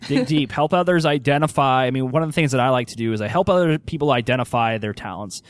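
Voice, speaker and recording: A man's voice: medium pitch, fast talker. A man from Pennsylvania hosting an interview podcast, upbeat and enthusiastic. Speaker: podcast host.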